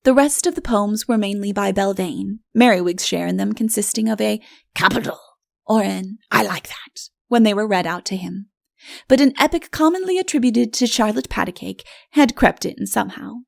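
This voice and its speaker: Woman narrating a storybook with gravelly tone. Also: mid-range voice, normal speed, a little mellow. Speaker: audiobook narrator.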